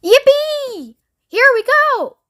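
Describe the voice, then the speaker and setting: A woman voicing an excitable old grandfather who shouts in shrill bursts. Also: normal speed. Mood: thrilled.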